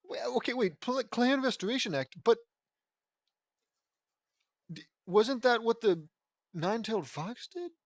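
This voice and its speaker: A man's voice: very high-pitched, expressive, a little slow, pauses often, no room sound, clean studio sound. A man casually reading a fan fiction story aloud, stumbling over words, swearing and breaking off for joking asides.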